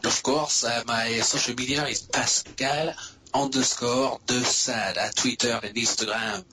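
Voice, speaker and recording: A man's voice: mid-range voice, fairly even intonation, a little slow, bright, forceful tone, faint music behind, poor audio. A man putting on a mock French voice as a football-chanting fan.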